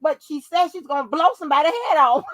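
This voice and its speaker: This is a woman with a high-pitched voice in a dry, close recording. She is riffing through casual vlog commentary. She is animated and profane and keeps laughing. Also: no echo, low-quality recording. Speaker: YouTube commentator.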